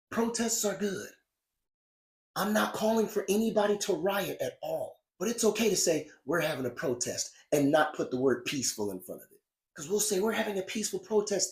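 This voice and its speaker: A man's voice: high voice, darkish tone. A man hosting a podcast, giving blunt, profane political commentary that grows heated and emphatic. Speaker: podcast host. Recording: roomy echo.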